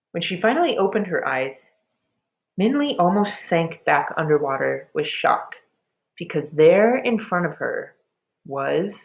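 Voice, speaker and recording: A woman reads a chapter book aloud, slow and unhurried. Her voice is fairly low, with a lively, rising and falling melody. The recording sounds dull and lo-fi. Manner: expressive, slow storytelling. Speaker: storybook reader. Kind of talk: reading a children's book aloud.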